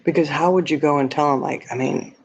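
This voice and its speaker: Her voice sits low and husky, with vocal fry, a steady tone and a brisk pace. This livestream host talks casually to her chat, wandering through a hypothetical scenario full of fillers, all captured in dull, lo-fi stream sound.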